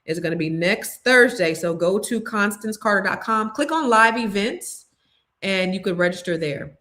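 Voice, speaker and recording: A woman's voice: medium pitch, animated, moderate pace, fairly bright tone. A woman in her fifties hosting a podcast, wrapping up with emotional thanks and announcements to her listeners. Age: 50s. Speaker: podcast host. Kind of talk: casual sign-off to viewers.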